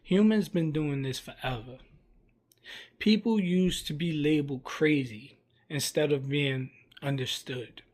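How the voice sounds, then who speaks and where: A man hosting a vlog, giving earnest, measured commentary in short plain phrases. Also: fairly high pitch, a little mellow. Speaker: commentary vlogger. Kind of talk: reflective commentary.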